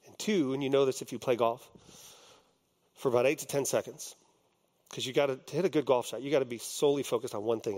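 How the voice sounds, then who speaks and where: A man's voice: mid-range voice, fast talker, darkish tone. A male pastor delivering a sermon, telling a personal story in a conversational way with many ums and restarts. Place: on a stage before a congregation.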